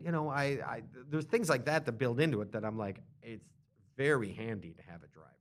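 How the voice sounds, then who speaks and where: A chatty man of middle pitch tells stories in casual conversation. He slips into quick impressions of other people and laughs often as he talks. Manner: animated storyteller, mimics others in put-on voices; laughs often while talking. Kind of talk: casual chat.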